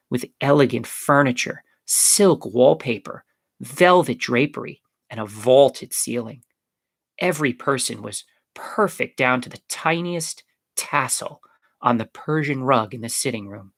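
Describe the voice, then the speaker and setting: Gravelly male audiobook narrator. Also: medium pitch, dry recording, clean studio sound. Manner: expressive storytelling. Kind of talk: audiobook reading.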